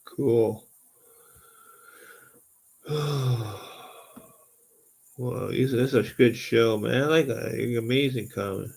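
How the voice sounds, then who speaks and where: A man telling an excited, rambling story in casual speech, full of swearing, with "right?" and "okay?" tacked onto nearly every line. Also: medium pitch, slow, creaky, pauses often, slightly rough, rough recording. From Southern Ontario, Canada.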